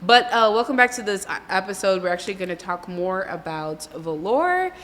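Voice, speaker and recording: A woman's voice: medium pitch, lively intonation, brisk, a bit bright, long reverb tail, a little hiss or hum. A woman hosting a podcast in casual, playful chat, laughing often and dropping into French. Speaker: podcast host.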